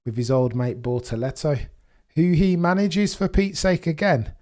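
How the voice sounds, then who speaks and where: A young man hosting a live race watchalong, commentating casually and reacting with excitement. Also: a little high, moderate pace. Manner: excitable, exclaims and gasps at on-track action.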